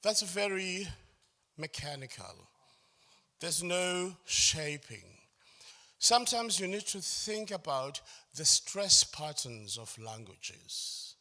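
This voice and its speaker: A man's high voice swings widely in pitch as he speaks slowly, sounding pushed and bright. Leading a choral workshop lecture, he explains phrasing step by step, keeps asking "does it make sense?", and sings and hums short phrases as demonstrations.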